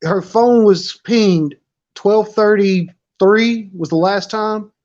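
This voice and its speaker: A man's voice: high-pitched, slow, darkish tone. A man on a casual livestream panel, laying out a timeline and theorizing. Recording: dull, lo-fi call audio.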